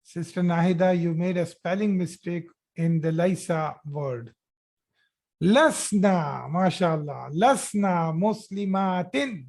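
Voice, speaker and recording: A man's voice: high-pitched, slow pace, creaky, a little mellow. A man teaching a grammar class online, repeating each phrase and praising students' answers. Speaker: Arabic teacher.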